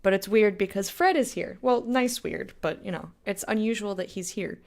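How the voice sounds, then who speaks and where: A woman's voice: medium pitch, moderate pace, a little mellow, slight background noise. A young woman chatting casually with her stream viewers while gaming, rambling, laughing often and going off on tangents. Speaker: game streamer.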